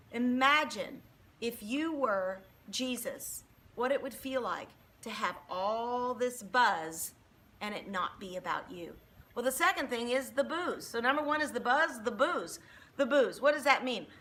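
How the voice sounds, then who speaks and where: A woman in her forties giving an emphatic, preachy faith-based motivational talk with animated storytelling. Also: high voice, a little hiss or hum. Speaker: Christian motivational speaker.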